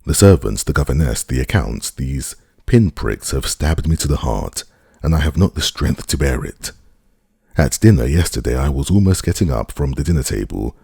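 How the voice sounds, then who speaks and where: A man's voice: rumbling low, expressive, normal speed, vocal fry, mellow, slightly rough, no echo, clean studio sound, exaggerated voice. A man voicing a stiff, self-pitying grieving official with a thin voice and formal speech. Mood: strained.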